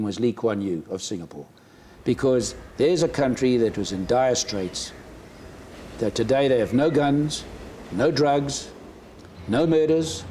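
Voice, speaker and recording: An older man from South Africa tells stories in an interview, slipping into other people's voices as he goes. A faint noise sits under the recording. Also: mid-range voice. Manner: animated anecdotes, acting out other people's lines. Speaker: interviewee, retired golfer. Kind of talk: storytelling interview. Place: farm.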